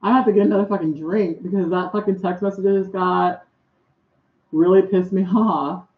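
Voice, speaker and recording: A woman's voice: medium pitch, steady tone, normal speed. A woman vents bluntly to her camera in a casual vlog and swears freely. She talks while she puts on her eyeliner. The audio is dull and lo-fi, like a home video. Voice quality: heavy swearing, exasperated and blunt. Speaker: vlogger.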